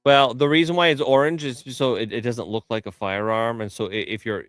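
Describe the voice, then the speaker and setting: A man from Canada co-hosting a podcast in casual chat, talking haltingly with many restarts. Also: mid-range voice, fairly even intonation, a bit bright, no room sound. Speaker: podcast co-host. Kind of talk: casual chat on a live stream.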